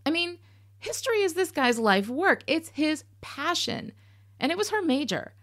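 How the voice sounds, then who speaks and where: Woman podcast host, candid and sardonic, swears freely, slightly high voice. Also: very animated, normal speed, a bit bright, faint music behind. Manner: candid and sarcastic, with casual swearing. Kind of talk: podcast commentary on a TV episode.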